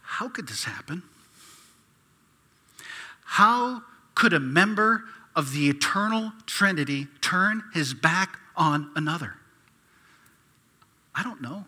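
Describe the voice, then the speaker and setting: A man preaching in a church sanctuary, his voice high and bright with wide, lively swings in pitch. He speaks slowly with a husky edge. He moves between hushed, near-whispered asides and loud, pleading outbursts, and a long reverb trails each phrase in the hall. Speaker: pastor. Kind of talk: sermon.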